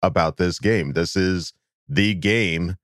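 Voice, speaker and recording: Low-voiced chatty man co-hosting. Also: slow, dry recording, studio quality. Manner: chatty and excitable, laughs often. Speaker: podcast co-host. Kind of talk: casual chat.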